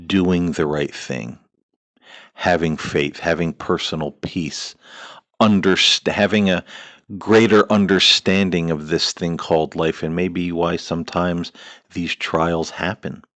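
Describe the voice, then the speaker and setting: A man's voice: deep voice, fairly even intonation, takes it slowly, fairly bright tone, no room sound. A man hosting a paranormal talk show, speaking earnestly about faith in a preacherly cadence, with frequent "uh" and "you know" and long repeated lists. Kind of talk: earnest spiritual monologue.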